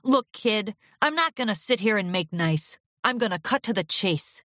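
A woman voicing a gruff, scratchy older male pony who is a secret agent boss, blunt and commanding in a storybook reading. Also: mid-range voice, animated, moderate pace, fairly bright tone, no echo, studio quality, lightly acted.

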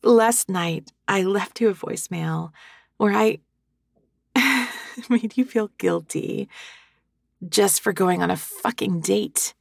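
A sheepish, hungover young woman, as a woman acts her out in a listener-directed audio role-play, slow and halting with nervous little laughs. Her voice is husky and gravelly, recorded dry and close. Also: medium pitch, no room sound, exaggerated voice. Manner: self-deprecating, halting, breathy laughs. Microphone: sensitive close microphone.

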